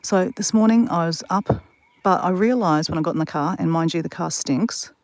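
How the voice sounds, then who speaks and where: A woman's voice: fairly low pitch, normal speed, no room sound. Chatty woman vlogging outdoors. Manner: chatty, rambling storyteller talking straight to viewers. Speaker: vlogger live-streaming to a chat audience. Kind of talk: casual live-stream chat. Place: outdoors in the bush beside water.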